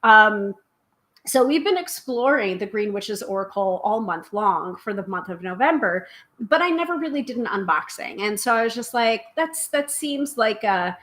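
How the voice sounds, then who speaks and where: An American woman hosts a tarot live stream in a loose, chatty way. Her voice sits in an ordinary middle range for a woman. She talks quickly, fills pauses with "um" and stops to read out her viewers' comments. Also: mid-range voice, fairly bright tone. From United States. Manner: quick, chatty, many filler ums, reads viewer comments aloud. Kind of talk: casual live stream chat.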